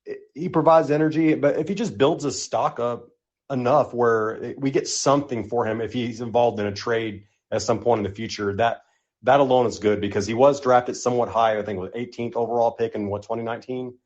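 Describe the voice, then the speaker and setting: A man's voice: mid-range voice, steady tone, a little fast, a little mellow. A man calling in to a live podcast room, talking about his team in a loose, rambling way. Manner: loose, rambling fan talk. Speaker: caller. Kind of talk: casual call-in chat. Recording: dull lo-fi call audio.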